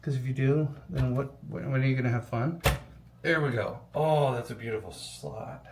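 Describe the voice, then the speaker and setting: Man, young adult, casual rambling chat, swears freely, mid pitch, roomy echo. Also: normal speed, darkish tone, a little hiss or hum. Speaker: PC builder vlogger. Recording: echoey room with faint ambience.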